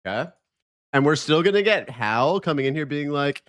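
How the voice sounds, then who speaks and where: Animated, joking male streamer. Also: a little high, moderate pace. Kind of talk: casual live-stream chat.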